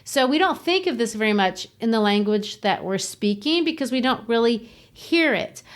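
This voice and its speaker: Higher-voiced woman explaining poetry. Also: fairly bright tone. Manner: explains with rhythmic examples. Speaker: podcast co-host, teacher. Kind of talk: casual explanatory chat.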